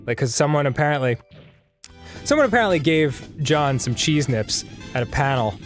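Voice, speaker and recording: A man's voice: a little high, animated, moderate pace, soft background music. A man co-hosting a gaming show in casual chat, telling stories animatedly, laughing often and swearing freely.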